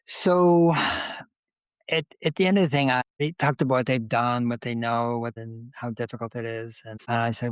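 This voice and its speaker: An older man telling a long anecdote as a guest in a conversation. His pitch sits in the middle range and he often restarts phrases while quoting others. The recording is close and dry. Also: fairly even intonation, normal speed, smooth, dry recording. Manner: anecdotal, acts out quoted dialogue, restarts often. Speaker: interview guest. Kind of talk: conversational storytelling.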